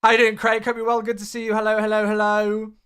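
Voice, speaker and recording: A man's voice: completely flat delivery, quick pace, clean tone. A man, livestreaming a flight simulator and chatting casually as he greets his viewers one by one. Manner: upbeat, chatty, big swings in pitch and loudness.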